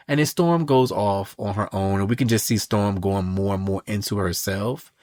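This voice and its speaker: A man co-hosting a podcast, casually recapping a comic book story in a sassy, animated way. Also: on the low side, normal speed, few pauses, dry recording, studio quality. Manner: animated and sassy, reads quotes in voices. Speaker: podcast co-host.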